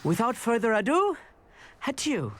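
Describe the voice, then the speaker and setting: Nervous bookish young man, theatrical, breathy, very animated pitch. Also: a little slow, heavily acted. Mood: fretful. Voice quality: theatrical, wordy. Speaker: game character. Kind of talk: voiced game dialogue.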